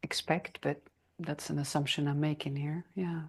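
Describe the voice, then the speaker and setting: A woman's voice: sits low, little pitch movement, normal speed, slightly rough. A woman hosting a podcast, reflecting thoughtfully and affirming her guest's ideas. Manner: thoughtful, affirming, lots of agreement. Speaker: podcast host.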